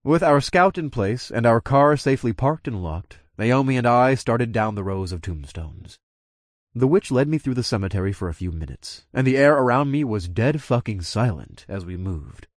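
A man's voice: mid-range voice, expressive, moderate pace, no echo, clean studio sound. Man narrating a casual audiobook. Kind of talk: first-person audiobook narration.

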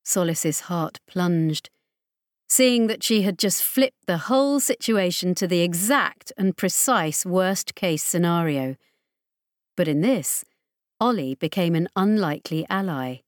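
Slow, measured woman audiobook narrator. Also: on the low side, dry recording, clean studio sound. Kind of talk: scripted narration.

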